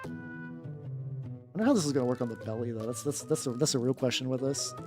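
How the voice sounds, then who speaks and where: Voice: medium pitch, brisk. A streamer chatting casually on a livestream while painting miniatures, rambling with many restarts and some swearing. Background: faint background music.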